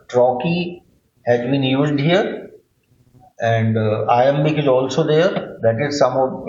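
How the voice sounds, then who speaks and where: Man, literature teacher, halting lecture full of fillers, roomy echo, slightly muffled sound. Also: medium pitch, darkish tone, slight background noise. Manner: halting, with frequent fillers and repeated words. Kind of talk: explanatory lecture.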